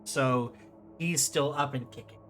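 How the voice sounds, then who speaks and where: A young man sits at the game master's seat of a tabletop game, laying out rulings in a relaxed, stop-and-start way. His voice sits at an ordinary middle pitch. Faint music plays behind him. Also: measured pace. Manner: relaxed, explains rules with fillers and restarts.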